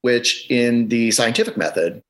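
On a low-quality recording, a middle-aged man speaks at a measured pace in a mid-range, fairly bright voice. He's an education consultant appearing as a podcast guest over video call, arguing his case forcefully and explaining it with data.

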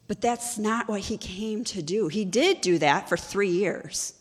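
A woman who serves as a ministry executive director delivers a sermon-style teaching, conversational and story-driven, frequently posing questions to her listeners. Her voice is medium in pitch at a moderate pace with few pauses, and the sound has a long reverb tail.

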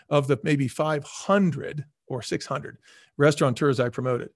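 A man's voice: fairly high pitch, measured pace, vocal fry, no echo, studio quality. A middle-aged man, a former restaurant chain chief, telling stories in an interview, repeating words for emphasis and acting out the voices of the people he quotes. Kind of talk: casual storytelling interview.

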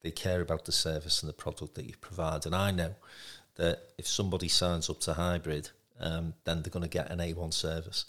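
Low gravelly guy hosting a podcast, chatty and encouraging, lots of ums. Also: little pitch movement, fairly quick, hardly any pauses. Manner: warm, encouraging, rambling with fillers. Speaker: podcast host. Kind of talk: conversational podcast interview.

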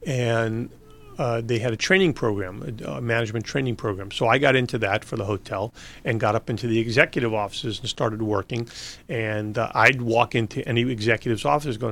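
Male interview guest, mid pitch, loose storyteller, laughs through his anecdotes. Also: a little fast, fairly bright tone. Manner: rambling anecdotes with laughs and restarts. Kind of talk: casual storytelling.

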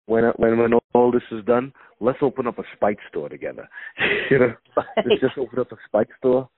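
A man's voice: mid-range voice, moderate pace, no room sound. A man chatting casually and comically as co-host, telling stories with lots of cursing and stammered restarts. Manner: storytelling, profane, stammering restarts. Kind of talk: casual comedic chat. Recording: dry thin phone-like sound.

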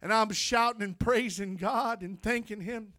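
A man preaching a testimony sermon, telling his story with fervor that climbs into shouts. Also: high voice, unhurried, no echo, clean studio sound. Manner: fervent storytelling, rising to shouts.

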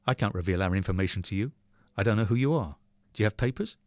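A man's voice: on the low side, fast talker, no echo, studio quality, pitched above the performer's own voice, close to an everyday voice. A man reading aloud and voicing a hostile, suspicious male militia leader at a roadblock who questions curtly. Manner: curt, interrogating.

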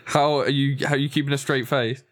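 A man's voice: medium pitch, little pitch movement, fairly quick, a bit bright. A young man, talking casually, often hesitating and restarting his sentences. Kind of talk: casual chat.

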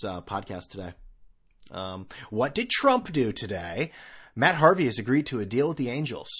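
A man's voice: mid-range voice, fairly bright tone. Sarcastic, rambling male podcast host. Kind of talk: casual solo podcast rant.

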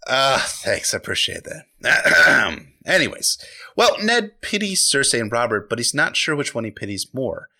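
Male podcast host recapping a book, lively pitch, bright tone, swears freely. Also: a little slow, creaky. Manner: animated, profane, enthusiastic. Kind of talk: casual book recap chat.

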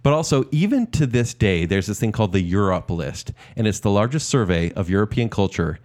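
A man's voice: lowish voice, big pitch swings, a little mellow. Chatty man discussing films. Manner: chatty, jokey, quick asides. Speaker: podcast co-host. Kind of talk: casual chat about movies.

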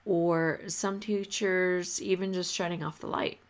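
Female podcast host, low and slow, easygoing advice talk. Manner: relaxed, conversational, many fillers and restarts.

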